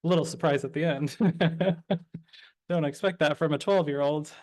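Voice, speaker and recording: A man's voice: fairly high pitch, a little slow, darkish tone. A man hosting a storytelling event, reading audience submissions aloud and chatting casually between them. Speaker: host.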